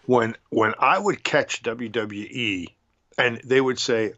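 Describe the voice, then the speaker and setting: Co-hosting a wrestling podcast, a man speaks slowly and bluntly in a medium-pitched, fairly bright voice, scoffing as he rants casually. The recording sounds dull and lo-fi.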